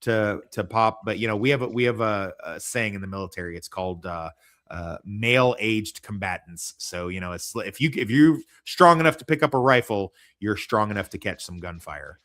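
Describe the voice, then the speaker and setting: A man's voice: on the low side, moderate pace, fairly bright tone. A man hosting a casual livestream chat, rambling and joking with lots of swearing. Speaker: podcast host.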